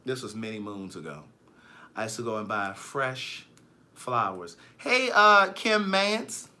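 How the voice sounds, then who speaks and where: Male vlogger, sassy and animated, bright voice, pitch swings widely. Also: slow. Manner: sassy, animated, reads viewer comments aloud. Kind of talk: live-stream chat.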